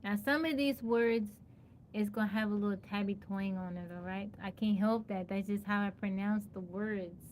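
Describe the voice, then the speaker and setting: A woman's voice: medium pitch, normal speed, a little mellow, a little hiss or hum. Playful woman live-streaming. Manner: playful, laughs often, thanks viewers by name; sounds out a hard word again and again. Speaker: livestreamer. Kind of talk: casual live-stream chat.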